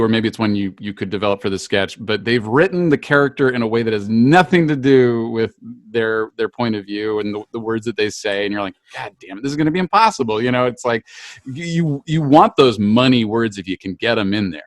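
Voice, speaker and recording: A man chatting on a podcast in an animated way. He throws in quick asides at a middling pitch. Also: dry recording, studio quality. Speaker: comedian guest. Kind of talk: casual podcast chat.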